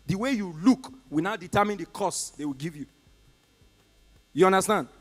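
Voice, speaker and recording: On stage doing live stand-up, a Nigerian man with a Nigerian accent tells his stories animatedly and keeps addressing the crowd directly. His voice sits high at a moderate pace, with a big-room sound.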